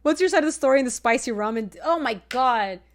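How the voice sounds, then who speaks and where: A young woman streamer chatting casually while playing a card game, telling an animated story with laughing asides. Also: fairly high pitch, fairly quick. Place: home streaming setup.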